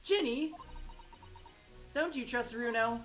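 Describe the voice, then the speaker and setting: A woman voicing a sweet, earnest young girl in a game, pleading in a high voice. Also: takes it slowly, soft background music.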